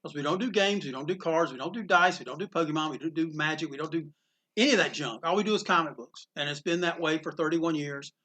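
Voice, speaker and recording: A man's voice: on the high side, fast. A middle-aged man from North Carolina, a comic shop owner, telling anecdotes in a casual interview and acting out the quotes. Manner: animated anecdotes with acted-out quotes. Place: inside his comic shop.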